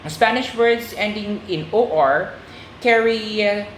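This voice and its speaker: Woman teaching spanish words real slow, repeats stuff, echoey room. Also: medium pitch, a little hiss or hum. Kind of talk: oral recitation lesson. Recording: echoey room with faint ambience.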